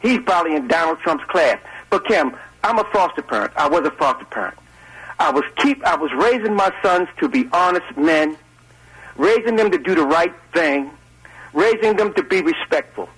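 An older man calls in to a radio show, folksy and argumentative. His voice is husky yet pitched fairly high for a man. He comes through a phone line. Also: expressive, normal speed, a bit bright. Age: 70s. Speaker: caller. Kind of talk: call-in radio debate.

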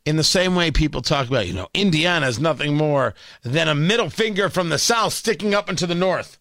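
A man's voice: fairly high pitch, expressive, a little fast, a bit bright, no echo, clean studio sound. A man from New York with a New York accent, a morning talk radio host giving a sarcastic, combative monologue and often repeating words as he rambles.

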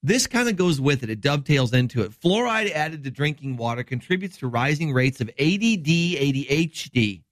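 A man's voice: a little high, big pitch swings, moderate pace, hardly any pauses, no room sound, studio quality. A middle-aged man from Wisconsin, a doctor hosting a health show, explaining news in rambling, enthusiastic casual chat.

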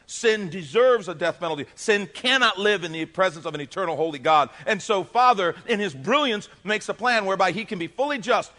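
A middle-aged male pastor preaching a sermon, swinging between emphatic loud lines and soft low asides.

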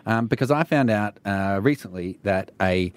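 A man's voice: on the low side, normal speed, clear, resonant tone. A man, co-hosting a radio show with casual, self-mocking banter and frequent laughter. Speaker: radio co-host.

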